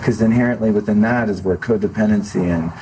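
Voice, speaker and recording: A man's voice: fairly low pitch, fast talker, dark tone, a little hiss or hum, rough recording. A middle-aged man talking candidly and earnestly as a guest in a filmed interview, reflective and open, often restarting his sentences. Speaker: podcast host as interview guest. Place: studio set for a filmed talk show.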